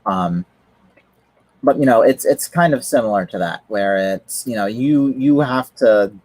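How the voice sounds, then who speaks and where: A man's voice: medium pitch, measured pace, darkish tone, dry recording, poor audio. A man chatting casually on a livestream, rambling with lots of fillers and restarts. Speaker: streamer.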